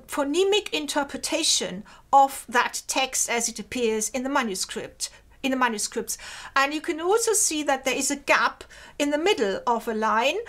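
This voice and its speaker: A woman giving an academic lecture, careful and measured, slowing down to recite ancient verse. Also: high voice, a bit bright.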